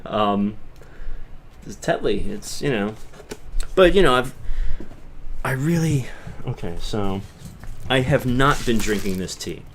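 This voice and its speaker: Animated Long Island man. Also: mid-range voice, slow pace, long pauses, a little hiss or hum. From Long Island, New York. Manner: animated, rambling, swings from mutters to loud bursts. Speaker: livestream host. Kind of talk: casual livestream chat.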